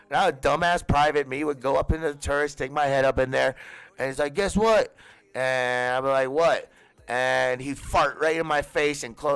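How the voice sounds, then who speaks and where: A man's voice: mid-range voice, gravelly, a bit bright. A man hosting an online hip hop radio stream, chatting casually in a rambling, profane way and laughing often. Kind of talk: casual live-stream chat.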